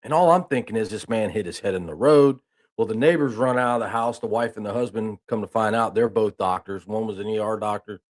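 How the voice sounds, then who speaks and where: Folksy low-voiced man telling stories. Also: brisk. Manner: rambling, folksy, with restarts and "I mean". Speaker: host of a news talk stream. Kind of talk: casual storytelling and reading news aloud.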